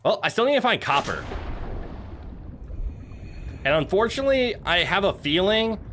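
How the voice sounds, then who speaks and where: A man's voice: high-pitched, normal speed, slight background noise. A man casually streaming a survival game, joking, swearing and chatting with viewers. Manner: animated and joking, swears, talks to chat and his pet.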